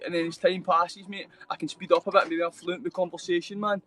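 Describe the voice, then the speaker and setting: A man's voice: sits high, little pitch movement, fast talker, fairly bright tone. A young Glaswegian man in casual chat on a video call, rambling and filling every phrase with mate and bro. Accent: Glaswegian Scottish. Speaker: guest. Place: shared hostel dorm room.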